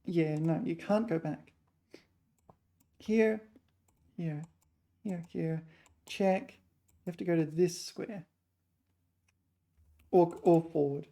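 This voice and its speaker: A woman chess player thinking aloud while solving puzzles, muttering her move calculations in short fragments, a little hoarse. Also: fairly low pitch, slow, long pauses, warm tone.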